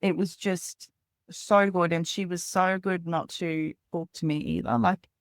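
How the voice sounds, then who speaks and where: A woman's voice: fairly low pitch, fairly even intonation, a little slow, no echo. A woman in her thirties, a podcast guest, telling a personal story candidly in a rambling way with lots of "like".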